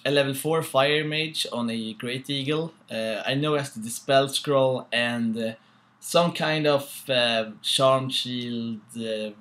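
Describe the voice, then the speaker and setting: A young Swedish man with a Swedish accent, casually co-hosting a tabletop battle report, halting and full of fillers. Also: mid-range voice, fairly bright tone. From Sweden. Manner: halting, many fillers, laughs at own jokes. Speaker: co-host.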